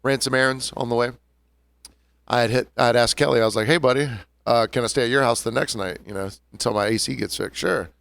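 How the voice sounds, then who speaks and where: A man on a podcast talks in an easy, laid-back way, trading stories with his co-host. His voice sits at a middle pitch. The recording is dry and close. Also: fairly even intonation, fast, vocal fry, a bit bright, no room sound. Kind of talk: casual chat.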